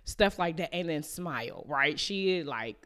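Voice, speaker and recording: A woman in her thirties talks through a personal story on her podcast, loose and conversational. She fills the pauses with plenty of "you know" and small laughs, and she slips into the voices of the people in her story as she goes. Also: sits low, animated, fairly bright tone. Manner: chatty, with many fillers and laughs; acts out family members' lines. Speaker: podcast host. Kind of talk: casual storytelling monologue.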